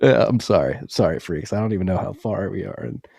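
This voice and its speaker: Profane excitable man, dry close sound. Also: low-pitched, fast, creaky, slightly rough, no room sound. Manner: profane, excitable, laughs a lot. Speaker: podcast co-host. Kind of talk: casual chat.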